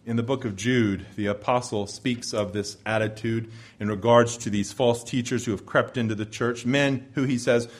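A male preacher delivering an expository sermon in a measured, emphatic way, his voice dropping low at the ends of phrases. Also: steady tone.

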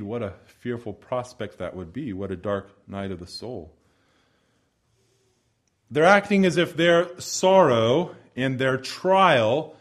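A male preacher delivering a sermon, swinging from loud emphasis to a near whisper with long dramatic pauses. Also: mid-range voice.

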